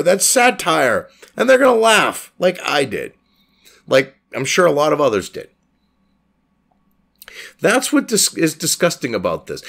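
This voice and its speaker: A man's voice: on the high side, gravelly, a bit bright. A man hosting a commentary channel, reading a news article aloud and breaking into profane, scornful rants about it. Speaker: host.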